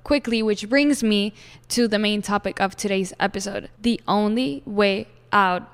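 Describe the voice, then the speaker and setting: A woman's voice: mid-range voice, measured pace, smooth, in a large hall. A young woman hosting a personal podcast, talking frankly about her own life, swearing freely and calling her listeners "besties.". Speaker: podcast host. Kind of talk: candid personal podcast monologue.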